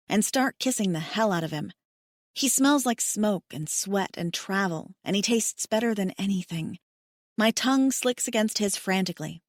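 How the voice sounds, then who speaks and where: Casting: female audiobook narrator, very lively delivery, dry close studio sound. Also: mid-range voice, no echo. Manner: expressive, intimate. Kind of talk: first-person romance audiobook narration.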